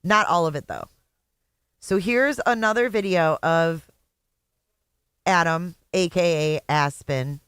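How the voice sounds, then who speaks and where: A middle-aged host from Indiana riffs through live reaction commentary with blunt, profane sarcasm. The voice sits at an ordinary mid pitch, recorded close on a dry, dead-sounding mic. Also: takes it slowly, long pauses, a bit bright, clean tone, no echo. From Indiana, USA. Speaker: channel host.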